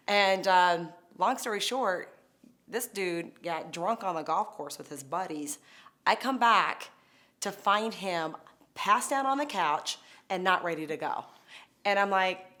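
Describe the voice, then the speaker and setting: A woman co-hosting a marriage lesson, telling a personal story in a casual, animated way and often laughing. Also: mid-range voice, moderate pace. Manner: animated, laughing, acts out quotes. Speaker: co-host of a marriage course.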